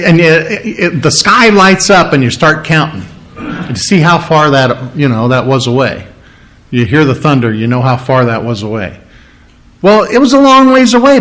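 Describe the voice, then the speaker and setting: A man preaching a sermon as a pastor, conversational and animated, often asking his listeners questions and joking, with sore ribs. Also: a little high. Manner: conversational, animated, asks the audience questions, jokes.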